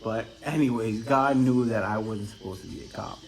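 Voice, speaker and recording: A man's voice: on the low side, moderate pace, gravelly, darkish tone. Profane, rambling man. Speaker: podcast host. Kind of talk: casual solo monologue.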